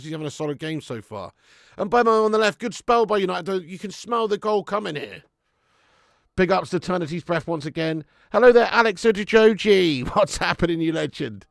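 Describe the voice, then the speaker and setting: A man with a high, gravelly voice hosts a live football watch-along. His tone is bright and edgy, recorded dry and close. He talks in an excitable, sweary way and bursts into shouts at the action. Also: brisk, no echo. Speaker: fan channel host.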